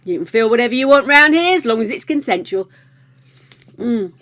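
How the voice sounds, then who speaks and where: A woman's voice: fairly high pitch, lively intonation, a little fast, fairly bright tone. A woman hosting a livestream, chatting casually with viewers, laughing often and greeting them by name. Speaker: livestream host.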